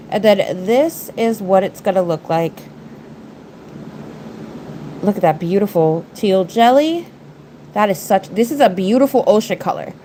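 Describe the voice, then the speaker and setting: A woman, audibly congested, rambles to her livestream viewers in easy, conversational bursts. Her pitch sits in an ordinary middle range. Faint room noise hums under the recording. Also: darkish tone, poor audio. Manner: chatty, rambling, talks to viewers and her pets. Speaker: nail art livestreamer. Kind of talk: casual livestream chat while doing nails.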